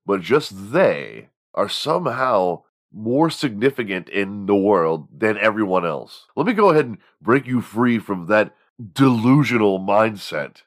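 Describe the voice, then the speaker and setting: Profane, rambling man with a low voice. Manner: profane, laughing storyteller. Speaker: podcast host. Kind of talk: casual rambling monologue.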